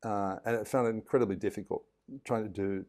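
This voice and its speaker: A man's voice: fairly low pitch, fairly even intonation, brisk, darkish tone. An Australian man telling his story as a podcast guest in a casual, rambling way, with plenty of ums and uhs.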